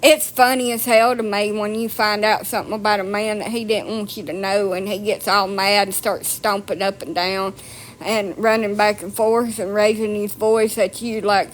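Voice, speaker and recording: A woman delivering a blunt, profane, mocking rant to camera. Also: medium pitch. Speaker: vlogger. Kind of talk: ranting monologue.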